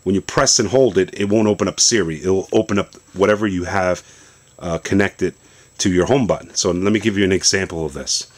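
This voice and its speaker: A man's voice: low-pitched, brisk. A man in a basement casually demonstrating a phone setup, rambling through his explanation with fillers and restarts. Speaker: tech video host.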